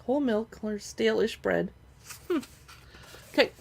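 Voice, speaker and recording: A woman live streaming as she pages through cookbooks, chatting casually and reading recipe lists aloud as she thinks out loud. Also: on the high side, expressive, measured pace, vocal fry, a little hiss or hum. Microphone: streaming setup.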